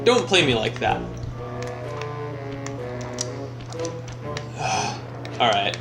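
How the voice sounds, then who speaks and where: A young man hosts a laid-back gameplay commentary, rambling and poking fun at his own playing. His voice sits somewhat high, and clear game music plays behind him. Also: animated, moderate pace, poor audio. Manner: rambling, self-mocking and joking. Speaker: let's play host.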